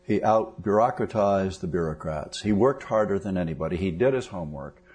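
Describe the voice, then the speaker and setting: A man's voice: low voice, animated, brisk, darkish tone. A man interviewing an author, asking long questions with many fillers and restarts.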